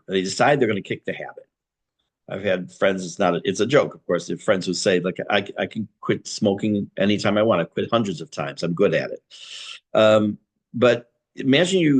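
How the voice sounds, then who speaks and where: A man teaching a relaxed, conversational Torah class as a rabbi, talking with many restarts and fillers. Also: lowish voice, husky. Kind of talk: informal Torah lesson.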